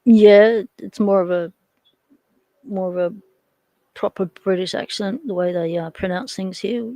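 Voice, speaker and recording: Australian woman, gravelly voice, dry close sound, casual rambling livestream chat, talks to viewers while tinkering. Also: medium pitch, steady tone, unhurried, warm tone, no echo, rough recording. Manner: rambling, chats with viewers while dismantling hardware. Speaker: livestream host.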